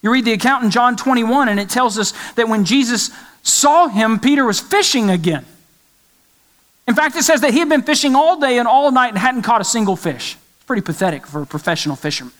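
A man's voice: very high voice, expressive, fairly quick, a bit bright. A man preaching a sermon as pastor, emphatic, repeating key lines for stress.

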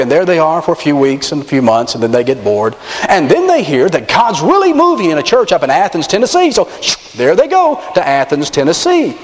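Lively pastor in a reverberant sanctuary. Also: male voice, on the high side. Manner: animated preaching with dramatic emphasis and wry asides. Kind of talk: sermon. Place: church sanctuary. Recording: long reverb of a large sanctuary.

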